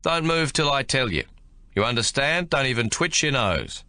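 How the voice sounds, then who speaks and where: A man voicing an army sergeant who gives orders calmly and firmly. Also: mid-range voice, normal speed, pitched above the performer's own voice. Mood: commanding. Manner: calm, firm, barks orders. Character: calm commanding male army sergeant.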